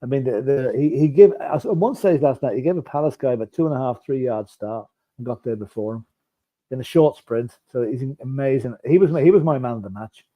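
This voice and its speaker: A man's voice: mid-range voice, a little fast. A man co-hosting a fan podcast, giving opinionated player ratings. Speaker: podcast co-host, football pundit. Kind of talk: casual fan podcast chat. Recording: tinny phone-like line.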